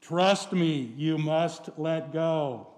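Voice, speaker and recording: A man voicing God as a calm, patient voice from above, speaking slowly and steadily. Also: a little high, in a large hall. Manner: slow, calm, measured.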